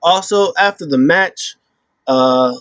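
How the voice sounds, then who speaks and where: Male recap host, slightly high voice, dry dull lo-fi sound, animated casual retelling. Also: slow, dry recording. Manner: animated retelling that acts out quotes.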